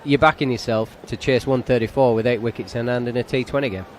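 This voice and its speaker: A man's voice: mid-range voice, steady tone, fast talker, slight background noise. A man with a Northern English accent giving cricket co-commentary with dry, teasing humour. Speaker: radio cricket pundit. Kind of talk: expert co-commentary.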